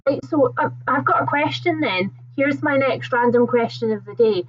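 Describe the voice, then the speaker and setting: A woman's voice: high voice, moderate pace, a little hiss or hum. Chatty young woman rambling on a livestream, laughs a lot, kinda dull lo-fi mic. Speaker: livestream host. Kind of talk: casual live chat with viewers.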